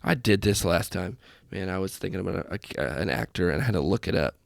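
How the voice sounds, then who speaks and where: Sitting at a desk mic in front of his laptop, a man who is an airman and podcast host rambles through a casual solo episode full of self-deprecation and side tracks. His low voice is animated and quick, with vocal fry. The small room has festive lights, and the recording is clean studio sound with no echo.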